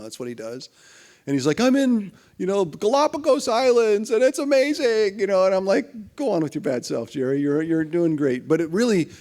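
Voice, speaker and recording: A middle-aged man, an interview guest, telling business stories in a rambling, animated way and acting out other people's lines. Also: medium pitch. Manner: rambling, with restarts and fillers.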